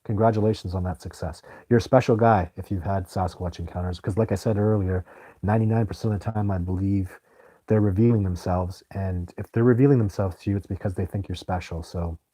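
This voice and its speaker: Stream host, male, lowish mellow voice, rambling and excitable answering chat questions. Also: a little fast. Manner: rambling, enthusiastic, often exclaims. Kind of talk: live stream Q&A, casual chat.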